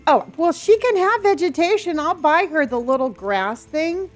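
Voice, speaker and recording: A woman's voice: very high voice, animated, normal speed, faint music behind. A woman streaming a video game from home, chatting casually and greeting viewers by name. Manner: bubbly, greets chat by name. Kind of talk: casual livestream chat.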